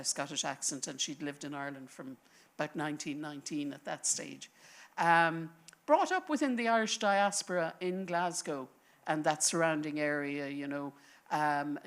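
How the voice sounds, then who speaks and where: A woman speaking on a panel, telling a history as a story in an animated, thinking-aloud way. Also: low-pitched. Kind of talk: conversational panel talk. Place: lecture panel before an audience.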